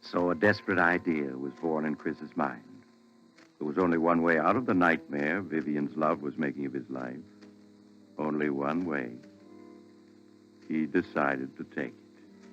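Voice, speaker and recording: A very deep voice tells the story gravely a 1940s radio drama. The sound is a dull old broadcast with faint music beneath. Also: male voice, unhurried, pauses often. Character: somber radio drama narrator. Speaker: narrator. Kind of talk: scripted radio narration.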